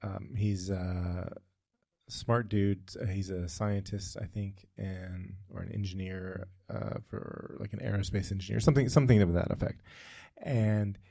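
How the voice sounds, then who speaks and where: A man's voice: sits low, steady tone, unhurried, creaky, mellow, no room sound, clean studio sound. A man co-hosting a casual podcast, telling a long story with frequent tangents and fillers. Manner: rambling, goes off on tangents, many fillers. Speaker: podcast co-host.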